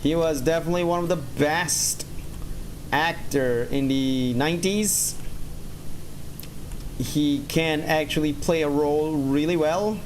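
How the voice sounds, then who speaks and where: A man's voice: a little high, a little slow, long pauses, slight background noise. A young man chatting casually while streaming a game, rambling and laughing often. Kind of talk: casual gaming stream chat.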